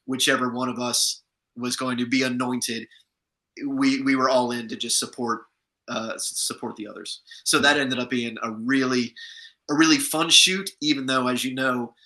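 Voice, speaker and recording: A man's voice: medium pitch, steady tone, normal speed, sharp tone, low-quality recording. A man, an actor guest in an interview, chatting through anecdotes from set with many restarts. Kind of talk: casual interview storytelling.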